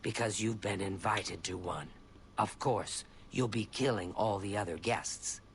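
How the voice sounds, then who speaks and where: An actor playing a sly male lizard assassin contact in a game, speaking in a hushed, scheming way. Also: lowish voice, a little slow, a little hiss or hum. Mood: sinister. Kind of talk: game dialogue.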